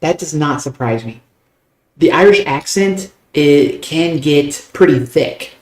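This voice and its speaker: A young American man, chatting casually and fast with stream viewers, loose and a bit profane. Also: a little high, animated, darkish tone. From United States. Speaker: game streamer. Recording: roomy echo.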